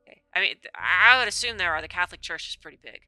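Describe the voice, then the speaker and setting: A woman's voice: fairly low pitch, expressive, very fast, sharp tone, dry recording. A woman streamer who chats casually with rambling asides while reading a game's text aloud.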